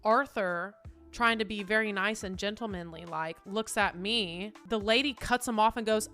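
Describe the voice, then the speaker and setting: Brief: bright-voiced woman streamer, animated casual storyteller, faint music underneath. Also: medium pitch, moderate pace. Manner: animated, swears, acts out quotes.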